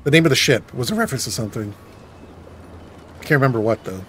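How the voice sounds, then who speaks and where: A man's voice: medium pitch, very animated, fast talker, fairly bright tone, soft background music. Chatty man playing a game. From Boston. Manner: chatty, joking, thinking aloud. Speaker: gamer. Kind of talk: let's-play commentary.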